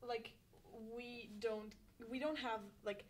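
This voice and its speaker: A young woman joins a student podcast chat with a slightly high voice. She speaks bluntly and cuts in to push back on points. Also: fairly even intonation, takes it slowly. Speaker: podcast co-host. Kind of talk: casual chat.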